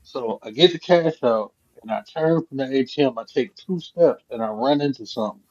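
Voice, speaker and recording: A man hosting a casual live chat, telling a profane, animated story. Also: mid-range voice, brisk, husky. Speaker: host. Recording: dull lo-fi stream audio.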